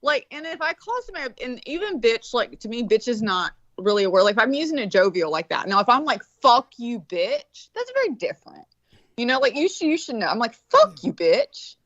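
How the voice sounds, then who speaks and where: A woman's voice: fairly high pitch, big pitch swings, fast, a bit bright, no echo. A woman in casual chat who rambles and swears nearly every other word. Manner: crude, rambling, swears constantly. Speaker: co-host. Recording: dull, muffled sound.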